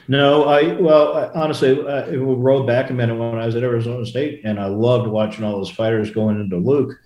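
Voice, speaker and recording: A man's voice: medium pitch, fairly even intonation, fairly quick, a little mellow. An older man, a former Marine aviator, telling stories in a casual interview, rambling with many restarts and asides. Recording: roomy echo.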